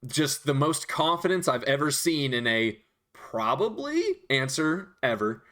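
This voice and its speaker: A man narrating a tabletop game as dungeon master, animated and quick to laugh. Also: medium pitch.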